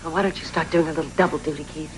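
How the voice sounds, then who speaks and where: A woman's voice: sits low, fairly even intonation, rapid-fire, close to an everyday voice, poor audio. An actress playing a needy, demanding, scheming woman in a 1980s soap opera. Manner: demanding, petulant. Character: needy, scheming woman craving family approval.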